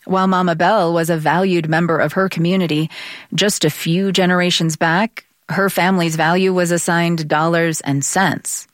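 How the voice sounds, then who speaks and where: A woman reporter narrating a scripted story and asking interview questions in a measured way. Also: on the low side, fairly even intonation, no room sound, studio quality. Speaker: radio reporter and host.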